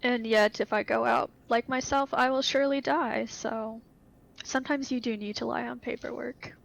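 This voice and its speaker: A woman's voice: on the high side, fairly even intonation, normal speed, vocal fry, poor audio. A woman taking part as a player in a tabletop role-playing game, speaking in a matter-of-fact way.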